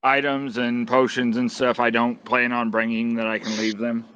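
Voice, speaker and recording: A man's voice: medium pitch, flat delivery, moderate pace, fairly bright tone, smooth, dull audio. A man plays a tabletop game and asks practical questions about items and spells. His voice sits in the middle of the range, and he speaks in a plain, matter-of-fact way. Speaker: player. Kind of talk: casual chat at a game table.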